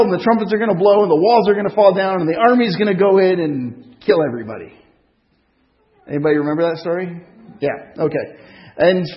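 A male pastor with a French accent gives a relaxed, conversational sermon, full of little fillers and questions to the room. His voice sits a bit high, and the recording has a dull, lo-fi sound. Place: church hall.

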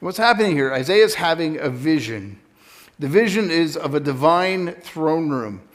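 A man's voice: on the high side, expressive, normal speed. A man preaching a sermon in a conversational teaching style, often stopping to correct himself. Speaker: pastor.

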